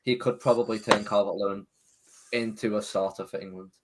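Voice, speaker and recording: A man's voice: on the low side, fairly even intonation, a little fast. A man with a Scouse accent calling into a stream, arguing about football confidently and casually. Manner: confident, opinionated, swears casually. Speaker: caller, football fan. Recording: noisy voice call.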